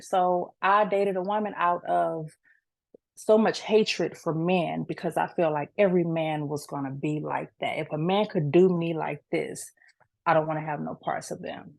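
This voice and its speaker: A young woman, an author, telling her personal story in an earnest, faith-filled way, halting and restarting as she speaks. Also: deep voice, steady tone, gravelly, a little mellow, no room sound. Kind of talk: emotional personal testimony.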